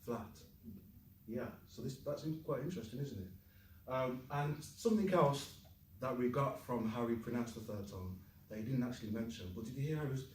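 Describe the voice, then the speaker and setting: A man teaching a classroom lesson, lively, quizzing the class and joking. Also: medium pitch, normal speed, roomy sound, far from the mic, a little hiss or hum, poor audio. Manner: lively, asks the class questions, jokes. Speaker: Chinese teacher.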